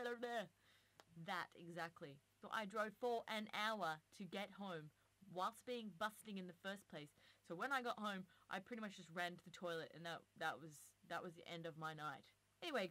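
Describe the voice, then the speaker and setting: Young woman vlogger, chatty storyteller, casual and rambling. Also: mid-range voice. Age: 20s. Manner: chatty and animated, lots of "like" fillers.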